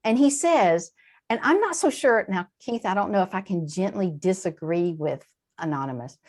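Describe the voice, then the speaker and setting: A woman guest in an interview, explaining in a lively conversational way, with quick asides and frequent shifts in emphasis. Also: mid-range voice. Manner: animated, warm-hearted explaining with quick asides and laughs. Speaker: translator and guest.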